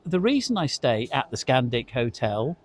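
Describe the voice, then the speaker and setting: Very animated at a moderate pace, this middle-aged man has a mid-range voice and co-hosts a casual industry chat as a hospitality expert. He shares chatty anecdotes, occasionally repeating words along the way.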